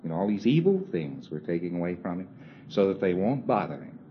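A man lectures in a relaxed, wry manner, slipping into quick back-and-forth dialogue and chuckling along the way. His voice sits on the low side. The recording is muffled and lo-fi, with a faint hiss underneath. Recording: dull lo-fi old tape with faint hiss.

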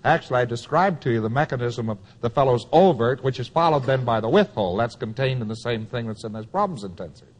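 A man's voice: medium pitch, lively intonation, fast talker, few pauses. Wry man lecturing in a reverberant hall. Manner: emphatic, wry, repeats key phrases. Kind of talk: taped lecture to students.

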